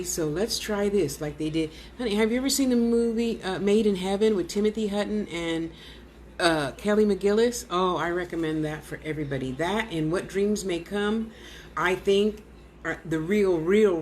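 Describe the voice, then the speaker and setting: A woman's voice: on the low side, darkish tone, slight background noise. A woman talking casually to an unseen spirit, coaxing and soothing it, with blunt, cursing asides. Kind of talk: casual one-sided spirit talk.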